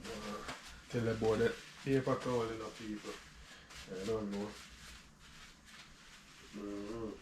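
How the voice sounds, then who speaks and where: A man with a Jamaican accent talks his viewers through a home-cooked meal in a slow, easygoing way. He sits back from the microphone in a roomy-sounding kitchen, and steady noise runs behind him. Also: on the low side. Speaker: cooking vlogger. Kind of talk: casual cooking chat. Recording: roomy, far from mic, background noise.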